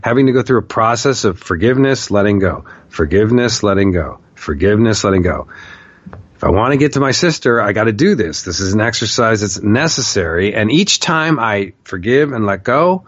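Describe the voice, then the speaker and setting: A man's voice: fairly low pitch, lively intonation, moderate pace, dry recording, muffled recording. A man casually telling a long personal story, swearing freely and often saying "like.". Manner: candid, profane, with frequent "like" fillers.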